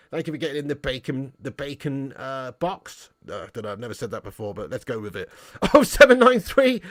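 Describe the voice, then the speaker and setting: A man hosting a football livestream, chatting casually, joking and laughing with British slang as he reads viewer messages. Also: a little high. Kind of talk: casual livestream chat reading super chats.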